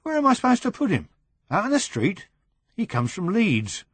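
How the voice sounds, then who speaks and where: A man voicing Brian, a flustered, tipsy man who talks in a rushed, exasperated way. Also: animated, dry recording, natural voice. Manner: high-pitched, rushed and exasperated.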